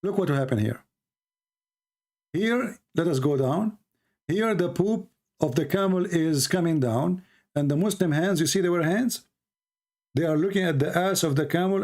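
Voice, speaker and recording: Male, Arabic native, Middle Eastern origin; slightly high voice; sarcastic, scoffing video commentator. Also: normal speed, pauses often, a little mellow. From Middle East. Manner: mocking, sarcastic. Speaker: religious commentator. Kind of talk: casual commentary over a video.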